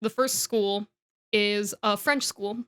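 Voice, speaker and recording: A young woman on a podcast, casually retelling a book plot with laughs and quick character voices. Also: medium pitch, steady tone, a bit bright, clear, resonant tone. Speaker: podcast co-host.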